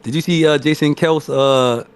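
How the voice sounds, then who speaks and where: A man co-hosting a casual podcast, talking in slangy, profane, animated banter. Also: a little high, moderate pace, clear, resonant tone. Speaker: podcast co-host. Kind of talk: casual chat.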